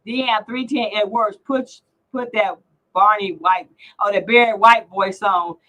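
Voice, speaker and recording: A woman's voice: medium pitch, steady tone, measured pace, pushed and bright, rough recording. A middle-aged woman hosting a casual livestream chat, teasing and brash as she reads out comments. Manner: brash, teasing, salty language. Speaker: livestream host.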